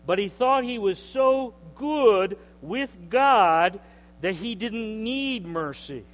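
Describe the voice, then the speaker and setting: A man preaching a sermon in an animated way, acting out the voices of the people he quotes. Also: high-pitched, takes it slowly. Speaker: pastor. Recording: long hall reverb, mains hum.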